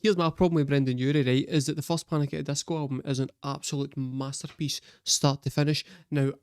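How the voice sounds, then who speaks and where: A woman's voice: a bass voice, a little mellow, dry recording, clean studio sound. Swearing, laughing woman reacting on camera. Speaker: reaction video host. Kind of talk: casual reaction commentary.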